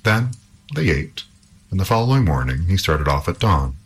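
A man reading a fairy tale aloud in an expressive, measured storytelling manner. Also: sits low, husky.

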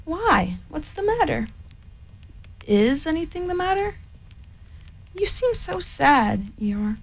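A woman voicing a simple, kindly young male bear in a storybook reading, talking in a gentle, innocent, puzzled way. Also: high voice, very animated, slow pace, pitched above the performer's own voice, exaggerated voice, low-quality recording.

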